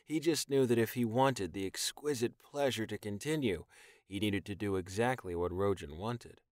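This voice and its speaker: Low-voiced male audiobook narrator. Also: normal speed, darkish tone, no room sound, studio quality. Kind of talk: scripted narration.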